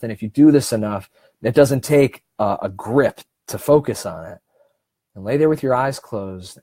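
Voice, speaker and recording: A man giving a casual self-help seminar on breathing, talking in a conversational, encouraging way, often restarting sentences and slowing down on key points. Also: fairly low pitch, mellow, dry recording. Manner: conversational and encouraging, with frequent restarts and slow, deliberate stretches.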